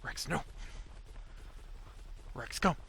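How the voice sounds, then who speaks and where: A man's voice: very slow, pushed and bright, slight background noise. A man rambling through casual gameplay commentary as a video host, chatting to his in-game pet dinosaur.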